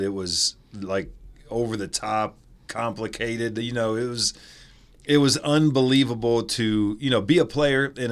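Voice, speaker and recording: A man in his forties from the American Midwest, an animated and chatty storyteller telling stories as an interview guest. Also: fairly low pitch. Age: 40s. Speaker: former football player, interview guest. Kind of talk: casual interview.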